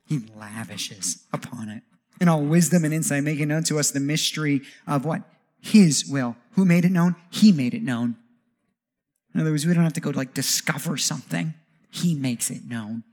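A man preaching a sermon as pastor, animated, with jokey asides and rhetorical questions. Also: fairly high pitch, moderate pace.

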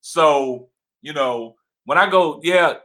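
Man co-hosting a home livestream; deep, loud, passionate delivery with a bright edge. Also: moderate pace. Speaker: livestream co-host. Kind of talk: casual livestream chat.

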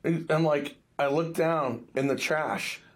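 Man, New England accent, fairly high voice, podcast host, blunt swearing stories. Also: slow. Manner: swearing, energetic storyteller. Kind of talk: casual podcast chat.

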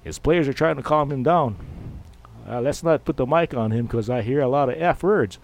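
A man voicing an excitable TV football announcer with gossipy play-by-play chatter. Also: medium pitch, moderate pace, slight background noise, pitched above the performer's own voice, natural voice. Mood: excited.

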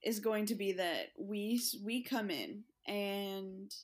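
A woman's voice: medium pitch, slow. A woman co-hosting a casual chat, rambling through a made-up story with frequent laughter. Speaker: podcast co-host.

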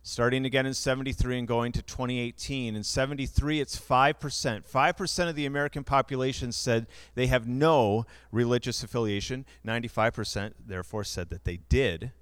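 A man's voice: medium pitch, fairly even intonation, fairly quick, hardly any pauses, clear, resonant tone, no room sound. A younger man preaching a sermon, explaining figures in a conversational way with asides. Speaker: pastor.

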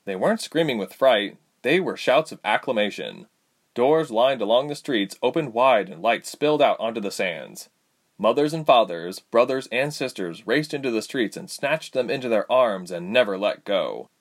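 A man's voice: medium pitch, animated, moderate pace. A man reading a fantasy story aloud as narrator.

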